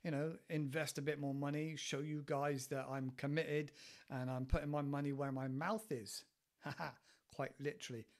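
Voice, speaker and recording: A man hosting a casual English-learning podcast, rambling and animated, with lots of repeated words, recorded on a studio microphone. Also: a little high, normal speed. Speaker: podcast host. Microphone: studio microphone with headphones.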